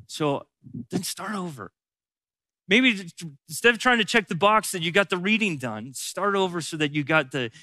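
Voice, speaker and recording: Like a pastor, a man with a high, bright voice leads a Bible teaching in a conversational style, repeating key phrases for emphasis. The recording is close and dry, with no room sound.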